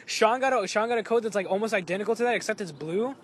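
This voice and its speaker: A man's voice: sits high, fast, husky. A young man telling stories in a casual chat, rambling with lots of "like" and swearing, often laughing. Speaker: podcast co-host.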